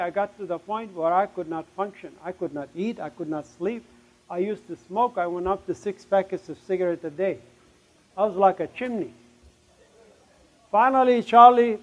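High-voiced middle-aged man telling a testimony. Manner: acts out both sides of remembered conversations; emphatic, with sudden drops to a hush. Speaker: speaker giving a testimony. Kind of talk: dramatic storytelling testimony. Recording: dull, lo-fi recording.

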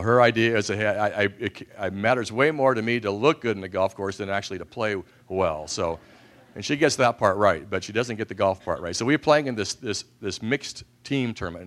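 A man's voice: low-pitched, a bit bright. A man giving a speech to an audience, telling self-deprecating humorous anecdotes and acting out the voices in them. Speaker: speaker at an event.

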